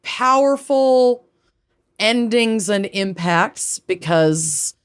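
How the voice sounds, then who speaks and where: A woman's voice: mid-range voice, lively intonation, drawn-out words, smooth. A woman co-hosting a podcast in casual chat, laid-back and rambling with fillers. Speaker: podcast co-host.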